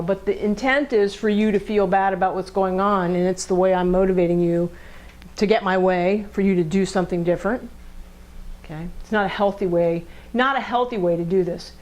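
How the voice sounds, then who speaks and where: A woman's voice: mid-range voice, normal speed, darkish tone, low-quality recording. A woman counselor leading a group lesson in a group room, talking conversationally, asking the group questions and acting out angry voices.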